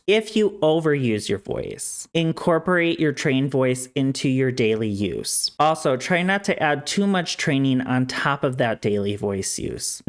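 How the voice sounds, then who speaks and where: Calm man explaining voice training. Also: mid-range voice. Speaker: speech-language pathologist. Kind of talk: educational explainer to camera.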